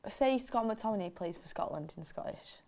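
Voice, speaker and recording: A woman co-hosting a casual football watchalong, reading viewer comments and teasing her co-host, quick to laugh. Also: fairly low pitch, lively intonation, gravelly, darkish tone. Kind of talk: casual chat during a match watchalong.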